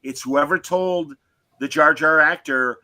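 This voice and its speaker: Man, bright forceful tone, slightly high voice, emphatic, opinionated, dry close sound. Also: measured pace, dry recording. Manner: emphatic, opinionated, restarts often. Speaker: podcast co-host. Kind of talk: casual chat.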